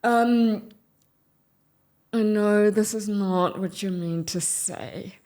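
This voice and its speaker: A woman from South Africa with a South African English accent, co-hosting a podcast and talking frankly and in a measured way about her own experience. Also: medium pitch, a little mellow. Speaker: podcast co-host. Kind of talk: candid conversational podcast chat.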